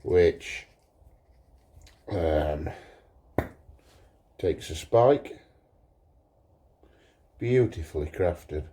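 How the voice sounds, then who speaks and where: Slow, low-voiced pipe maker. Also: male voice. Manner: relaxed, thinking aloud, unhurried. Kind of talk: workshop vlog.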